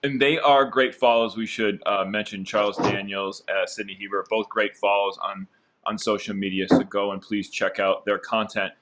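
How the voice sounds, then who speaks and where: A man's voice: fairly low pitch, fairly even intonation, moderate pace, noisy background. A man hosting an interview over a video call, upbeat and encouraging, with frequent fillers. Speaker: interviewer and host.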